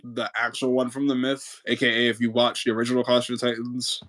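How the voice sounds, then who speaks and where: A young man hosting a casual livestream chat, animated and joking, with quick protests. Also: mid-range voice. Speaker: livestream host and voice actor.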